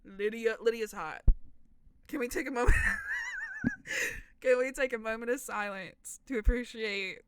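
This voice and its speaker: A woman's voice: a little high, huge pitch swings, measured pace, pauses often, fairly bright tone, slight background noise. A young woman in her twenties in casual chat about game characters, chatty, profane and playful, with rambling, self-deprecating asides. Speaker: content creator.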